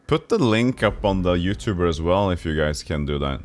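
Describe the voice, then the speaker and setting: A man's voice: deep voice, animated, a little fast. A man streaming a retro role-playing game, reading its text aloud and chatting casually with viewers.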